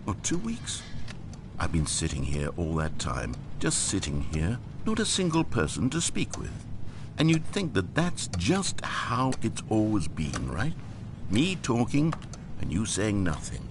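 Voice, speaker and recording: A man's voice: huge pitch swings, unhurried, exaggerated voice. Lonely game narrator guy, musing and plaintive, voice swoops way up and down, bit of hiss behind. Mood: lonely, pleading. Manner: plaintive, musing monologue with sudden pitch swings. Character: lonely, wry male narrator addressing the player. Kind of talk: game voice acting.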